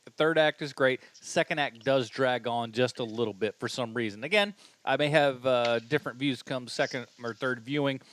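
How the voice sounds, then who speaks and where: A man co-hosting a movie podcast who speaks in an easygoing, measured way. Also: medium pitch, a bit bright, slight background noise. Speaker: podcast co-host. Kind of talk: casual movie podcast chat.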